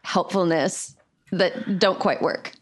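A woman hosting a podcast panel, calmly passing the floor to a guest. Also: fairly low pitch. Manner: measured, handing the floor to guests. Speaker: podcast host moderating.

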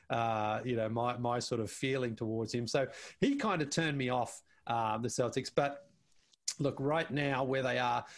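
Male podcast guest, mid-pitched, rambling and chatty, slips into quoted voices. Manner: chatty, repeats words, acts out quoted speech. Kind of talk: casual conversation.

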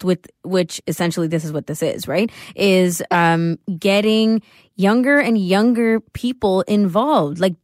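Woman, talk show host, lowish voice, encouraging, asks questions, dry close sound. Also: no room sound. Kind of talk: casual chat.

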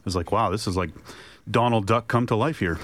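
A man's voice: on the low side, fairly quick, fairly bright tone, a little hiss or hum. A man on a radio panel, talking casually with a chuckle and poking fun at himself.

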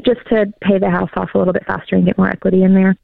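Flat-toned woman on a tinny phone line. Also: medium pitch, very fast, vocal fry, no echo. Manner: hesitant, filler-heavy. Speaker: caller. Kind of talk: phone call-in.

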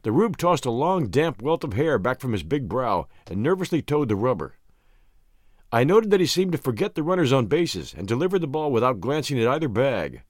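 Male storyteller, middle pitch, animated delivery, close dry studio sound. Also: a little fast, no room sound. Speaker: audiobook host and narrator. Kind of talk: scripted story narration.

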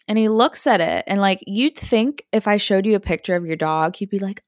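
A woman hosting a podcast, telling a story casually and acting out the quotes in hushed or high voices. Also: a little fast, hardly any pauses, dry recording, studio quality. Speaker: podcast host.

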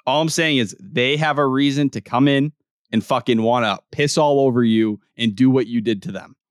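A man's voice: mid-range voice, moderate pace, no room sound, clean studio sound. Insistent, swearing sports podcast man. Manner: profane, worried, insistent. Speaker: podcast co-host. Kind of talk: casual sports podcast banter.

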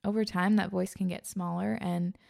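A woman's voice: mid-range voice, level tone, normal speed, gravelly, a little mellow. A woman hosting a podcast in casual, earnest chat, gushing and full of filler words. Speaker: podcast host.

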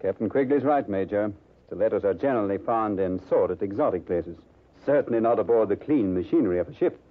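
A journalist-adventurer with a lowish voice who talks quickly, as a radio actor plays him. He sounds brisk and confident. The sound is thin and lo-fi, like an old radio broadcast. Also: expressive, close to an everyday voice. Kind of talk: 1940s radio acting.

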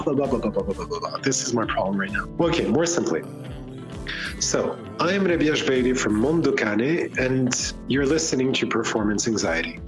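A man's voice: mid-range voice, poor audio. A man from Lebanon with a Lebanese accent, a guest chatting casually on a walk outdoors, rambling, laughing and fumbling over his words. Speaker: guest musician. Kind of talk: casual conversation. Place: outdoors, walking in the countryside.

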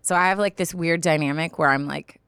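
A woman in her twenties co-hosts a podcast, speaking in a low, brisk, slightly bright, smooth voice. The casual chat rambles, full of restarts and "likes," and the recording is dry.

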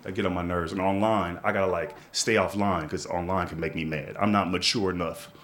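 A fast-talking stand-up comedian with a low voice performs a set on a comedy club stage, with a little hiss or hum under the recording. His storytelling is loose and conversational, full of big animated swings. The live audience's laughter comes through loudly.

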